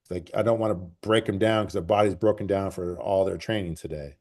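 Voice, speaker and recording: Laid-back low-voiced coach, mellow. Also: male voice, a little fast. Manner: relaxed, rambling, repeats phrases for emphasis. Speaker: track and field coach. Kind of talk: conversational interview answers. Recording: call recording.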